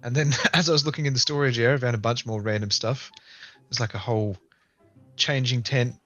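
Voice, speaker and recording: Bright-voiced laid-back Australian man. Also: medium pitch, steady tone, fairly quick, no room sound, dull audio, soft background music. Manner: laid-back, dry jokes, chuckles mid-sentence. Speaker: podcast co-host. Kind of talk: casual chat.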